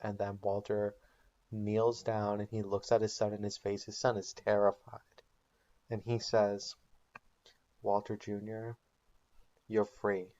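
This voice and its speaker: A man narrating an invented plot recap for comedy, deadpan and matter-of-fact. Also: on the low side, unhurried, muffled recording.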